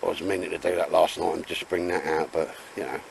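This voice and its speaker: Deep-voiced laid-back man outdoors. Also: flat delivery, fast talker, vocal fry, a little hiss or hum. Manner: chatty, jokey, laid-back. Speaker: vlogger. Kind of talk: casual outdoor chat. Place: damp woods, outdoors.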